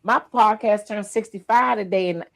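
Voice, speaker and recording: A woman hosting a casual livestream podcast, lively and emotional, teary-eyed as she talks. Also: medium pitch, normal speed, creaky. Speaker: podcast host.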